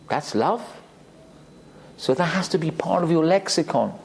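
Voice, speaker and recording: A man's voice: a little high, lively intonation, measured pace, creaky, darkish tone. A man giving an emphatic Torah class, dropping Hebrew terms into his talk. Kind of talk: sermon. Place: community synagogue hall.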